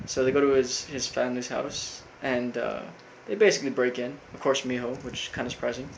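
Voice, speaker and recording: A man casually recapping a cartoon episode, rambling with lots of fillers and flat quoted lines. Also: medium pitch, fairly quick, a little hiss or hum, poor audio. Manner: rambling, full of fillers, quotes characters flatly. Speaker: recap host.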